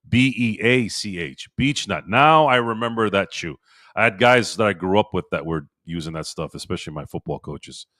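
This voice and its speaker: A man with a low voice hosts a live sports stream from his home setup, chatting loosely with viewers. He rambles and doubles back on his words. His voice sounds dry and close to the mic. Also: fairly bright tone, no echo. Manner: rambling, repeats himself, talks to chat by name. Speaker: sports podcast host. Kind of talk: casual live-stream chat reading viewer comments. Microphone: streaming microphone.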